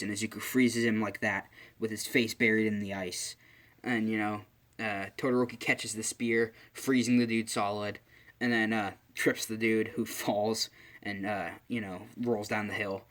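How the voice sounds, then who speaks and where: Low rambling male storyteller. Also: a bit bright. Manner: rambling with many fillers. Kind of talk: casual retelling of a fan story.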